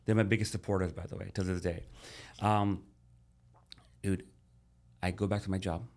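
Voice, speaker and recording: Low-voiced man telling his story, bro-style. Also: normal speed. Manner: animated, addresses host as "bro". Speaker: podcast guest. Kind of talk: casual storytelling.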